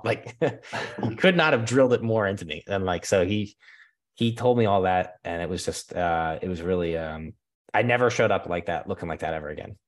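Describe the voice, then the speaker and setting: A man's voice: low voice, expressive, brisk. A man in his thirties telling a story in a loose, chatty way, full of fillers and laughs. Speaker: guest. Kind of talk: casual storytelling.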